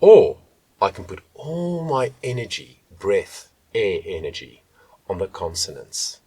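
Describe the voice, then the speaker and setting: A man working as a vocal coach, teaching vocal technique to the camera and shifting between soft and loud demonstrations. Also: sits low, very animated, measured pace, slightly rough, no echo.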